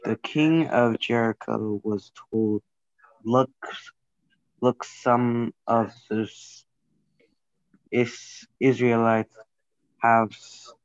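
Man reading scripture haltingly. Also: medium pitch, no echo, dull audio. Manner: halting reading, stumbles over names. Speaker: student reading aloud. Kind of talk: reading scripture aloud in class. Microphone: video call.

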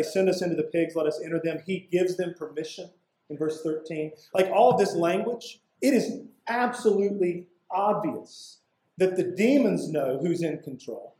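A pastor with a high, warm voice delivers an expository sermon in a conversational style, dropping in casual asides and emphatic pauses. His words echo through a roomy church sanctuary.

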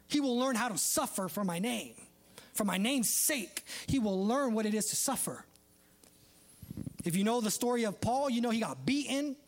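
A preacher giving a sermon in a conversational style, with joking asides and laughter. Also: mid-range voice.

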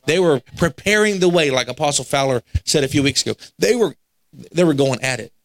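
Animated preacher with a higher voice. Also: male voice, fairly quick, no room sound. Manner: animated, acts out quoted voices, laughs at himself. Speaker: pastor. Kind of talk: storytelling sermon. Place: church sanctuary.

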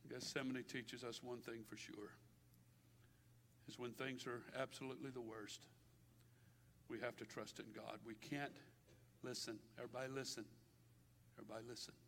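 A male pastor preaching a sermon with passion, his delivery swinging from loud declarations to hushed, quiet stretches. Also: mid-range voice, little pitch movement, measured pace, creaky, pauses often, a little hiss or hum. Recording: long hall reverb.

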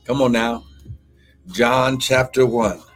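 A man preaching a livestream sermon as pastor, teaching slowly, then shouting, crying out and speaking in tongues. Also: mid-range voice, flat delivery, soft background music. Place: church livestream with music behind.

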